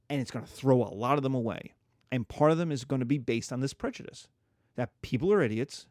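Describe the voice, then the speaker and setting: A man giving a casual history lecture, animated and jokey, acting out quotes as he goes. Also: mid-range voice, no echo, studio quality. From United States.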